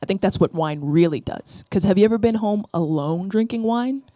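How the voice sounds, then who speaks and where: This thirtysomething comic from the Bronx, New York rambles through a self-deprecating bit at a comedy club, asking "right?" again and again. She speaks in a mid-range, mellow voice, a bit fast, with no echo in the recording.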